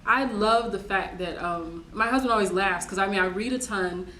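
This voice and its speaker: A woman chats away as a co-host. Her talk runs on and jumps into excited high exclamations. The room around her is roomy and echoing, with a faint hiss underneath. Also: normal speed. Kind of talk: casual chat.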